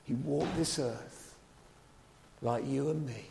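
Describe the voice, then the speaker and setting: A man delivering a sermon, lively and conversational, with asides to the congregation. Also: mid-range voice, slow, gravelly, slight background noise. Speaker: preacher. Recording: long hall reverb.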